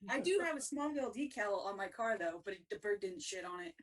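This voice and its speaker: A woman's voice: fairly high pitch, fast talker, vocal fry, recorded from a distance. A woman co-hosting a casual talk show, telling funny stories with lots of laughs. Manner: animated, laughing storyteller. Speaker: podcast co-host. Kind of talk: casual storytelling.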